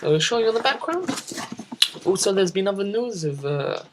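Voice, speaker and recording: A teenage woman hosts a homemade spoof news show in a goofy, rambling way, often giggling at her own jokes. Her pitch leaps up and down with lively swings. A faint hiss sits under the voice. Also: brisk. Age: teens. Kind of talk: mock news presenting.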